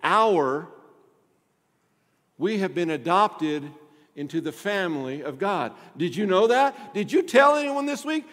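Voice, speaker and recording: A man preaching a sermon as pastor, swinging between loud emphasis and hushed asides. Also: high-pitched, expressive, unhurried, long reverb tail.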